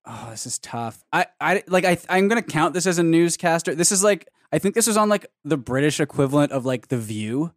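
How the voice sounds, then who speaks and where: A man's voice: fairly high pitch, lively intonation, a little fast, hardly any pauses, no room sound, studio quality. A man hosting a podcast, chatting eagerly and laughing easily. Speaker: podcast host. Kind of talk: casual podcast chat.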